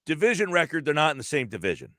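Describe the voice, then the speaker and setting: Male radio host, higher-pitched and animated, dry close sound, thinks aloud. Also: fast talker, no echo. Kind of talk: live sports talk radio.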